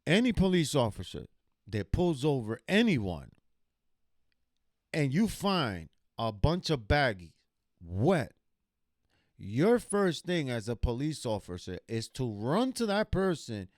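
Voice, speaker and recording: A man's voice: medium pitch, sing-song, slow, dry recording, studio quality. A man streaming a reaction video, telling a personal story casually in a blunt, profane, emphatic way.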